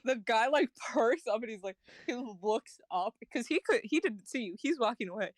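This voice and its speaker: A woman narrating as game master of a tabletop game, lively and giggly, with casual swearing. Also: fairly high pitch, normal speed, no echo, studio quality.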